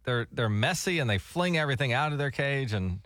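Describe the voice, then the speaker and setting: Male morning radio co-host, mid-pitched, easygoing and wry, close and dry in the studio. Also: expressive, a little fast, a bit bright, dry recording. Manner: easygoing, chatty, wry asides. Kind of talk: casual morning radio banter. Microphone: studio microphone.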